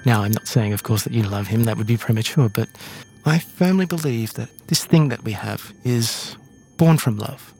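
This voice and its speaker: A man voicing an elderly female crime matriarch who speaks quietly and condescendingly in a tabletop game. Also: mid-range voice, moderate pace, few pauses, slight background noise, natural voice. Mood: cold menace.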